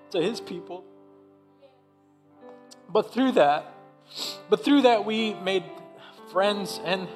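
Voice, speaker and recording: A man with a high voice gives a personal testimony from the pulpit. He speaks in a heartfelt, halting way, often restarting his phrases. A soft instrument plays faintly underneath. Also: gravelly. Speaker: church speaker.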